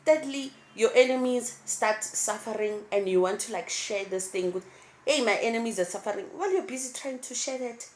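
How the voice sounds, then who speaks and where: A young woman, chatting candidly to her camera as a vlogger, swinging between laughter and low, emotional tones. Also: lively intonation, normal speed, hardly any pauses, darkish tone. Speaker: YouTube vlogger. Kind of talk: casual chat to camera.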